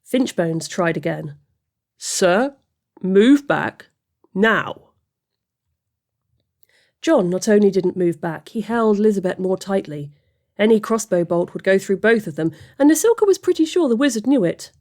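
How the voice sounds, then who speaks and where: A woman narrating an audiobook fantasy story in a steady, expressive voice. Her pitch sits in an ordinary middle range. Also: moderate pace. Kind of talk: audiobook fiction reading.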